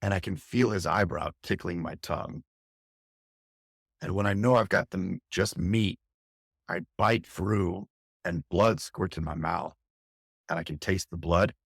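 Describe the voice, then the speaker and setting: Deep gravelly middle-aged man, intense. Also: a little slow, long pauses, a bit bright, no room sound, clean studio sound. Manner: intense, vivid recounting with frequent restarts. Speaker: fire captain, podcast guest. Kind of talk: candid interview storytelling.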